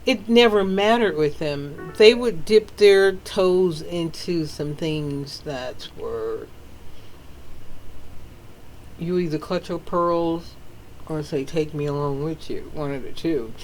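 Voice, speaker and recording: Slow-talking Southern woman, sassy. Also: low voice, a little hiss or hum, low-quality recording. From Southern United States. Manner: sassy, animated, laughs often. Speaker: author. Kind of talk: casual storytelling.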